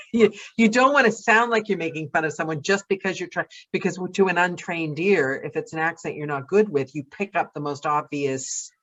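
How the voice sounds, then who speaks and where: A woman's voice: on the low side, moderate pace, a bit bright. A woman hosting an interview with a fellow narrator, chatting and tossing in tag questions. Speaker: podcast host and audiobook narrator. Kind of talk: casual interview chat. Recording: slightly dull lo-fi audio.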